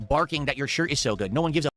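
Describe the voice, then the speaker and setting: A man's voice: on the high side, expressive, fairly bright tone. A man streamer ranting heatedly with a lot of swearing. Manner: fast, heated, swearing rant.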